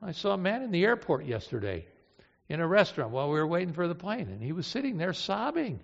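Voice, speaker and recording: Pastor, male, higher voice, emotional sermon delivery, long church reverb, dull lo-fi tape. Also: sing-song, fast, vocal fry. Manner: emotive, swings from hushed to impassioned. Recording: reverberant hall, dull lo-fi sound.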